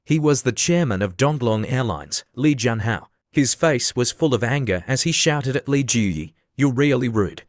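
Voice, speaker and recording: A man narrating an animated story recap in a steady, scripted reading. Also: mid-range voice, moderate pace, few pauses, no room sound, studio quality.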